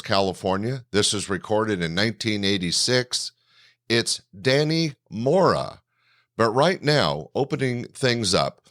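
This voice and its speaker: A man's voice: fairly low pitch, a bit bright, no echo, studio quality. A man hosting a comedy show, introducing the acts with upbeat announcer-style delivery. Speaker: host.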